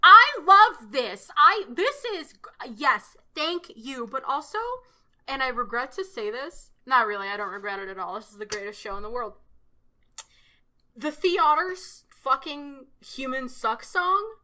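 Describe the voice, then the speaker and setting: Woman cohost, high bright voice, gushing and excited, swears a bunch. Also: unhurried, slight background noise. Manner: gushing, animated, swears casually. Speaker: podcast co-host. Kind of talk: casual chat.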